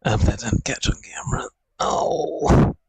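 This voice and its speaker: A man's voice: unhurried, darkish tone, no room sound, low-quality recording. A young man streaming from home, in pain and short of breath, groaning and swearing as he talks to himself into a desk mic. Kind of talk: casual talk to viewers. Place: at home, indoors. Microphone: desk microphone.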